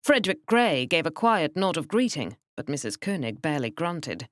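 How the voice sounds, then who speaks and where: Low-voiced woman narrating an audiobook. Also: big pitch swings, moderate pace, dry recording, clean studio sound.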